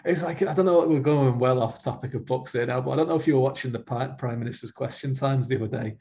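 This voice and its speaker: A man's voice: medium pitch, fast, creaky. A man with a Mancunian accent hosting an author interview over a video call, chatty and rambling. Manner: chatty, rambling, animated with hands. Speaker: podcast host.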